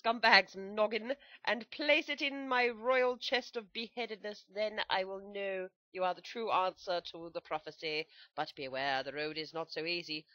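A woman's voice: mid-range voice, moderate pace, few pauses, pushed and bright, no echo, lo-fi sound, close to an everyday voice. A woman voicing a grandiose male fantasy king in a video game, reading his quest text in a mock-solemn way.

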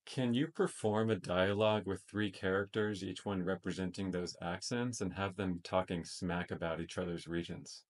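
A man's voice: sits low, steady tone, normal speed, few pauses. A man casually testing a voice assistant in a tech demo video, speaking loosely with frequent ums. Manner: casual, tentative, many fillers.

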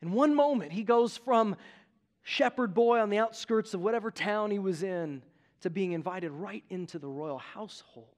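A male pastor preaching a sermon in a casual, animated way, swinging from loud outbursts to hushed lines. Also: moderate pace. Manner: animated, dramatic swings in loudness and pitch, casual slang.

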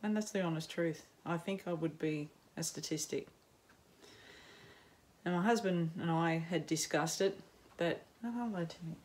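A middle-aged Australian woman chatting casually as a knitting podcaster at home, rambling and self-mocking, with frequent ums and quick laughs. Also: fairly low pitch, darkish tone. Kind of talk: casual chat to camera. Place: home, in sunshine.

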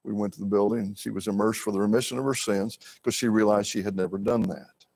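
A man's voice: fairly low pitch, fairly even intonation, quick pace, gravelly, darkish tone, husky. An older man teaching a church Bible class in an earnest, folksy way, with asides to his listeners.

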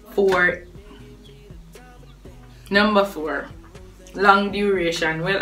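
A woman's voice: lowish voice, a bit bright, distant mic. A young woman with a Jamaican accent talking casually to camera, chatty and laughing between points. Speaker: vlogger. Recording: voice a bit off-mic with faint music behind.

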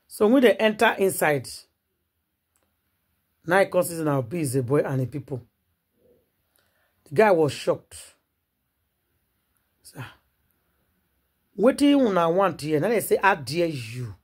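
A Nigerian woman tells celebrity gossip with lively, swooping intonation. Her voice has a husky edge, and she repeats phrases and slips into the voices of the people in her story. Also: fairly low pitch, takes it slowly, pauses often. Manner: acts out quoted people, repeats words for emphasis. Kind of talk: animated gossip storytelling in pidgin.

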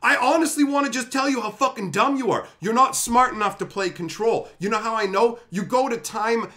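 A man's voice: very high-pitched, fairly quick, sharp tone. A man hosting a stream, telling stories in a blunt, profane, fiery rant. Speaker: stream host and tournament organizer. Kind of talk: heated storytelling rant.

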